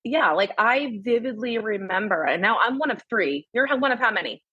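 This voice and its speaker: Husky-voiced woman, blunt and animated. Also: on the high side, brisk, no room sound, dull audio. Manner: blunt, animated, swears freely. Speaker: podcast guest. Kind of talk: casual podcast chat.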